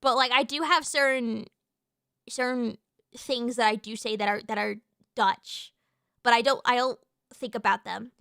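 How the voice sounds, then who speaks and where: Woman streamer, high and bright, rambling casual chat, dry close mic. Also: measured pace, creaky, clear, resonant tone, no room sound. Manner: rambling and animated, with restarts and casual swearing.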